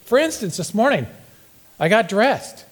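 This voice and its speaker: In a church sanctuary, a middle-aged pastor with a high, sing-song voice and slightly slow pace preaches a humorous sermon, telling playful stories and acting out quotes.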